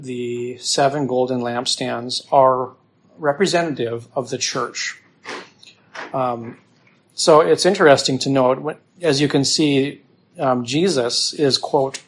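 A man, teaching as a pastor through a scripture passage in a relaxed sermon, repeating himself with fillers as he explains. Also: medium pitch, a little slow.

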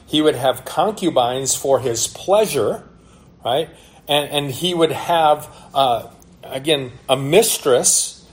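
Man preaching with a slightly high voice. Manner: teaching, asks the listeners rhetorical questions; reads scripture aloud and explains it. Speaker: pastor. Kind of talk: sermon.

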